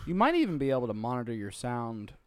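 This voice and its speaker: A man's voice: medium pitch, huge pitch swings, fast talker, clear, resonant tone, no room sound. A young man co-hosting a casual podcast, giggling often and doing silly sound effects. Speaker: podcast co-host.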